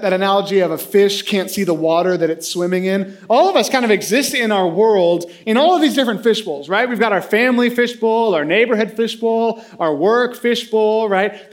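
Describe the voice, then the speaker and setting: A man in his thirties preaching a sermon, telling a self-deprecating funny story in an animated way. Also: high-pitched. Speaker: pastor.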